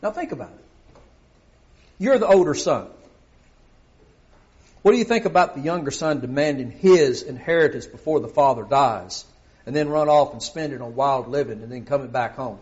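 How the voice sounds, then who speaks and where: A man's voice: medium pitch, animated, moderate pace, long pauses, darkish tone, dull audio. A middle-aged man preaching a sermon, often asking his congregation questions.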